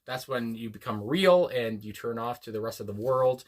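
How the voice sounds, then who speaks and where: A man hosting a music reaction video, talking casually and reflectively with many pauses and fillers, reading lyrics aloud slowly. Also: medium pitch, lively intonation. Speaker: music reaction channel host. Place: home room, a dog nearby.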